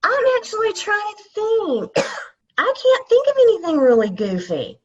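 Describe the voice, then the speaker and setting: A woman's voice: very high voice, wildly swooping pitch, a little slow, muffled recording. A woman in her fifties with a North Georgia Southern accent, chatting easily as a podcast guest and laughing often. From North Georgia, USA. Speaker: podcast guest, dental business coach. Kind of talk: casual interview chat.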